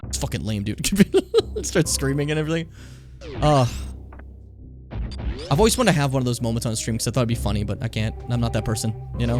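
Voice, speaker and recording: A male game streamer talks off the cuff to his chat, rambling and swearing freely as he plays. His pitch jumps around a lot, rising and dropping as he talks. Faint game music plays behind him. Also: fast, long pauses. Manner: animated, profane, rambling. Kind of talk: casual live-stream commentary.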